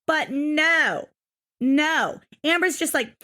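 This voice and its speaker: Young female podcast co-host with a higher voice, ranting casually and swearing freely. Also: animated, moderate pace, a bit bright. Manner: exasperated, profane ranting. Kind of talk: casual recap chat.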